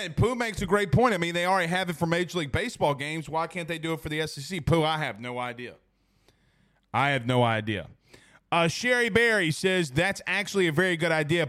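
A young man hosts a loose sports talk stream, and his voice sits high for a man. He rambles and rants with plenty of fillers, restarts and asides to the chat. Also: a bit bright. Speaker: sports talk show host.

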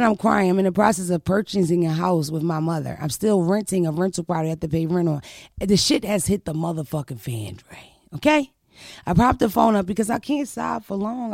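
Brash, profane woman with a gravelly edge. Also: lowish voice, a little mellow, no room sound, studio quality. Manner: brash, profane, emphatic storytelling. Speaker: podcast host. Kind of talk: casual storytelling chat.

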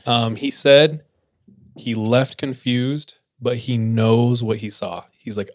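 A man's voice: medium pitch, takes it slowly, no room sound. Guy host telling ghost stories, chill, says like a lot, dry mic. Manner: relaxed, filler-heavy, laughs easily. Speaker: podcast host. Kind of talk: casual spooky storytelling.

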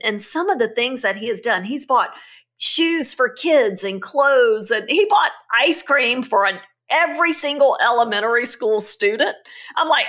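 A woman hosting a podcast, talking in an animated, earnest way. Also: fairly high pitch. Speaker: podcast host. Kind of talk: casual chat.

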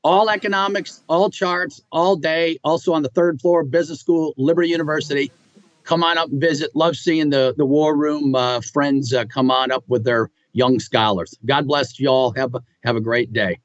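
A man's voice: fairly high pitch, steady tone, normal speed, dry recording. Man on dull, dry remote line. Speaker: economics guest. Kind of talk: remote guest on a talk show.

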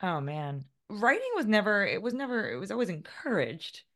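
A woman's voice: mid-range voice, sing-song, normal speed, fairly bright tone. A woman in her forties, a guest author, chatting in an interview, self-deprecating and laughing often. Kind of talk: casual interview conversation.

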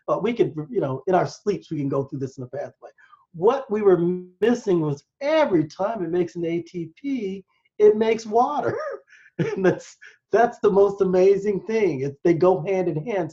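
A man's voice: sits high, dark tone. A man with an American accent, a doctor appearing as a podcast guest, explaining science in a rambling, enthusiastic way. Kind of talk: casual interview talk. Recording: muffled lo-fi sound.

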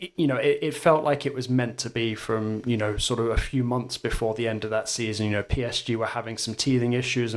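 A man speaking as a guest pundit in casual football chat, enthusiastic and full of fillers. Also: lowish voice.

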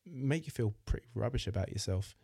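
A man's voice: mid-range voice, expressive, a little fast, gravelly, warm tone, breathy edge, no room sound, clean studio sound. A man hosting a podcast, talking supportively with his guest and repeating words as he gathers his thoughts. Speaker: podcast host. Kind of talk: casual interview chat.

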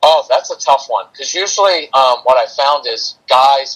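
A man's voice: mid-range voice, expressive, normal speed, fairly bright tone, slightly rough, poor audio. A man talking as a parenting coach and podcast guest, practical and plain-spoken, with a dry sarcastic streak and a habit of explaining through analogies. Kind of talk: casual podcast conversation.

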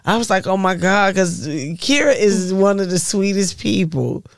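A middle-aged woman, a mother, telling family stories in a casual, animated way, swearing freely and laughing as she goes. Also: medium pitch, measured pace, creaky, no room sound, studio quality. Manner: animated, profane storytelling with laughs. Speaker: mother of the guests, podcast guest.

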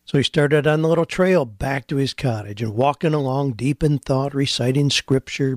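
A male radio host tells stories in a conversational, easygoing manner. His voice sits at a middle pitch and is recorded close and dry on a studio mic, with no room sound. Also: moderate pace, hardly any pauses, dry recording. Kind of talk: storytelling and casual radio talk.

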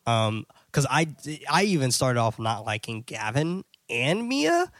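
Man, podcast host, casual recap, swears, mid pitch, dry sound. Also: sing-song, unhurried, a bit bright, dry recording. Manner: recaps plot loosely, cursing, mimics characters. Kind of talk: casual movie recap chat.

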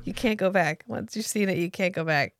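A woman's voice: fairly low pitch, dry recording. A woman in her thirties co-hosting a podcast, adding wry, teasing comments in casual chat. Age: 30s. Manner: wry, quick interjections, teasing. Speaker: podcast co-host.

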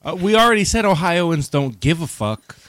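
A man's voice: fairly high pitch, big pitch swings, normal speed, fairly bright tone, no echo. A man co-hosting a podcast, chatting casually and cracking crude jokes. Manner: joking, crude quips. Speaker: podcast co-host. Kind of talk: casual chat.

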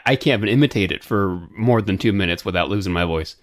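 A male interviewer with a somewhat low voice asks questions in a relaxed way and answers his guest with short, eager remarks. He sounds close and dry, with no room around him. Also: quick pace, no echo. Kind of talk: casual interview.

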